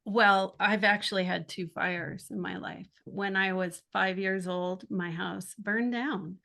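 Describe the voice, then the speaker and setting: A woman's voice: medium pitch, steady tone, slow, gravelly, pushed and bright. Reflective woman in her sixties, interview guest. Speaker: podcast guest, children's author. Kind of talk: conversational interview.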